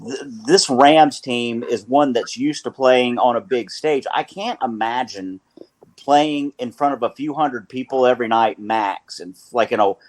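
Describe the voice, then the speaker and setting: A man's voice: medium pitch, unhurried, darkish tone. A man hosting a sports radio show with a North Carolina accent, talking in a playful, rambling way and correcting himself as he goes.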